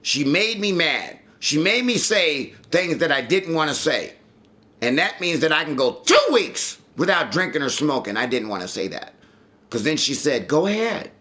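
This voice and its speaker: A man's voice: fairly high pitch, animated, normal speed, bright, forceful tone. A man streaming live, chatting casually and ranting with lots of swearing. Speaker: livestreamer. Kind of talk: casual livestream chat.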